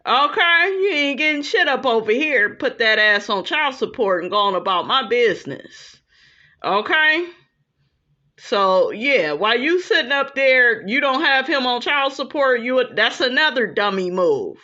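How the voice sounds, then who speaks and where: A woman's voice: high voice, expressive, unhurried, pushed and bright. A woman giving blunt, profane commentary on her channel, often asking "okay?" to drive a point home. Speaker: reality TV commentator. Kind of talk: casual commentary. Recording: dull lo-fi recording.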